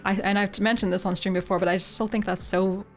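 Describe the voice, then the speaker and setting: A woman from Canada chats casually with her stream audience. Her voice is mid-pitched and her talk is loose and giggly, full of "like". Game music plays faintly under her. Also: flat delivery, fairly quick. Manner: chatty and giggly, saying "like" often. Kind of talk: casual chat with live viewers.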